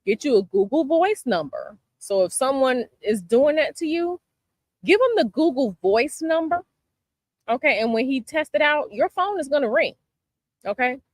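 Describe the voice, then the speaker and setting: A woman from Chicago who hosts a tarot channel chats casually with her viewers outdoors beside a palm tree as planes pass overhead. She's sassy and emphatic, repeating her advice in a very animated voice that sits high. She speaks at normal speed, with no echo.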